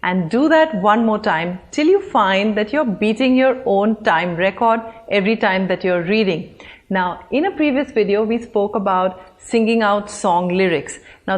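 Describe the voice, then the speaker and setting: A woman teaching English in an online lesson, with clear, deliberate delivery. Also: medium pitch.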